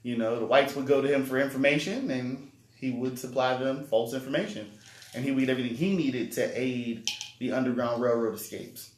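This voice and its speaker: A man's voice: mid-range voice, brisk. A man co-hosting a casual movie review, retelling the plot with jokes. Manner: joking, animated retelling. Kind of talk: casual chat. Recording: echoey room.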